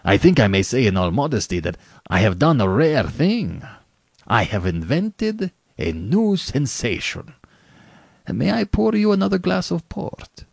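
A man reading a story aloud, voicing a suave, menacing aristocratic male hunter who speaks slowly and with courtly politeness. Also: mid-range voice, big pitch swings, gravelly, no room sound, studio quality, pitched above the performer's own voice, exaggerated voice. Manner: slow, measured, courtly. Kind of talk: audiobook reading.

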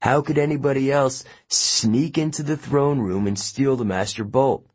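A man's voice: medium pitch, moderate pace, breathy edge, pitched above the performer's own voice, natural voice. A man voicing a friendly but worried teenage boy camp counselor, speaking earnestly under tension.

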